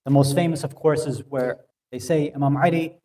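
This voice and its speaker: A man's voice: on the high side, steady tone, a little fast, dark tone. A man delivering a sermon, telling a story with growing emotion. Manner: emotional storytelling, rising in intensity. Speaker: speaker at an Islamic center. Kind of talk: sermon narration.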